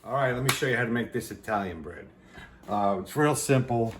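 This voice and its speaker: A middle-aged man with a Brooklyn accent, hosting a casual cooking demonstration in a relaxed, plainspoken way. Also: medium pitch, brisk. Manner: relaxed, plainspoken, repeats "real simple". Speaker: cooking show host. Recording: noisy kitchen recording.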